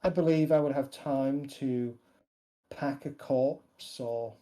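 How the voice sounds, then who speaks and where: A man's voice: mid-range voice, natural voice, poor audio. A man doing a coolly matter-of-fact schemer. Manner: flat, unemotional, deliberate. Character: calm, matter-of-fact man planning to blow up a monster.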